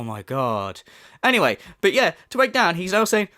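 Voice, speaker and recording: A man in full rant, swearing constantly and dripping with scorn. His pitch swings widely up and down as he mocks his target. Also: very animated, moderate pace, pushed and bright. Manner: scornful, swears heavily, mocking. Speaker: commentary YouTuber. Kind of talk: profane rant commentary.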